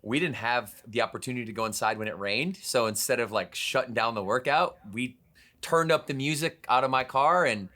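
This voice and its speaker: A man's voice: medium pitch, fairly quick. A man hosting a podcast interview, chatting casually and energetically, leaning on "like" and "literally". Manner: energetic, filler-heavy, uses "like" and "literally". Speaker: podcast host interviewing a guest.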